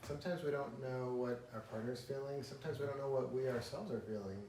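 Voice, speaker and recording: A man's voice: mid-range voice, fast, warm tone. Reflective man telling stories in an echoey room. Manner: reflective, storytelling. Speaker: married guest. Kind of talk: casual interview conversation. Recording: roomy echo, distant mic, faint noise.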